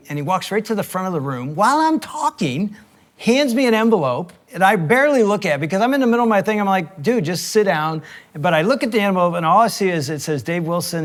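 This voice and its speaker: A middle-aged man co-hosting a talk show, telling stories and acting out the quotes. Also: high-pitched. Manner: animated storyteller, acts out quotes. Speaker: pastor and podcast co-host. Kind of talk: casual storytelling chat.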